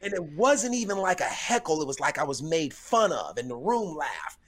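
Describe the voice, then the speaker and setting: Middle-aged comedian guy, slightly high voice, calm storyteller, lots of restarts. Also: a little hiss or hum. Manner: measured, with frequent restarts as he gathers his thoughts. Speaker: guest comedian. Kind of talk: conversational storytelling.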